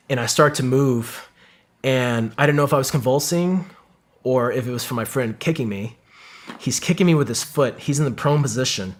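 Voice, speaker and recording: A man's voice: mid-range voice, a bit bright. A man telling an intense combat story as a podcast guest, swearing often and acting out what his teammates said. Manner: intense, profane, storytelling with quoted dialogue.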